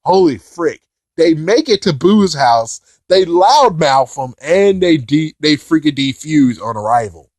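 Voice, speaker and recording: An excitable young man recaps an anime episode in loose, casual chat, laughing and swearing as he goes. His voice sits a bit high for a man and swings widely in pitch. The recording is dry and close, with no room sound. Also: a little slow, no echo. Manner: excitable, laughs often, swears, puts on characters' lines.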